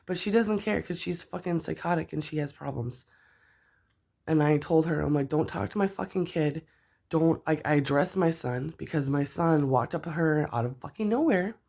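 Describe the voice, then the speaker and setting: Angry mom, profane heated rant, volume swinging between outbursts and low muttering. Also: female voice, normal speed, creaky. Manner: heated, profane, swears constantly; voice spikes up loud, then drops low. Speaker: mother venting about another parent.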